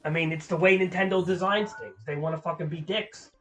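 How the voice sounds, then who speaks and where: A man's voice: a little high, steady tone, a little fast, a little hiss or hum. A young man streaming a game, ranting with lots of swearing in frustration. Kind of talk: casual gameplay commentary.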